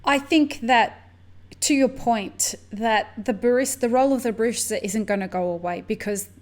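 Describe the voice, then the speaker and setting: A woman from the US hosting a podcast, telling stories in a lively, chatty way. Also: on the high side, normal speed. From United States. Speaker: podcast host. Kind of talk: casual conversation.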